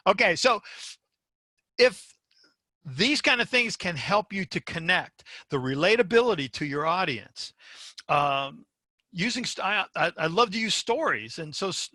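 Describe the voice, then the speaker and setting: A man's voice: on the high side, bright, forceful tone, no echo. A man teaching as a university faculty member in a webinar lecture, speaking emphatically and often checking in with his listeners.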